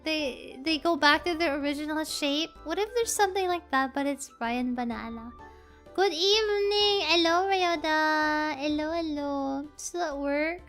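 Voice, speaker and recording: Tired woman streamer, very high pitched, chatty and playful over soft music. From Philippines. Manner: playful, rambling, reads chat aloud. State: tired, half asleep. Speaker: VTuber streamer. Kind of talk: casual chat stream.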